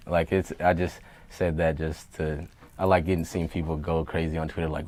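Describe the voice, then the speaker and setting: A man's voice: low voice, flat delivery, brisk, a little mellow. A man talking as a rapper guest in an interview, blunt, profane and heated, with many fillers. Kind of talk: casual interview talk.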